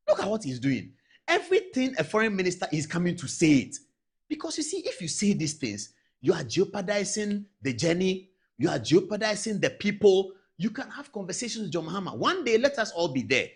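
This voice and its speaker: Husky, high-pitched Ghanaian man ranting emphatically. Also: sing-song, brisk. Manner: emphatic, exasperated, talks straight to viewers; mixes English with Twi phrases. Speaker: TV news show host. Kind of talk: animated political commentary.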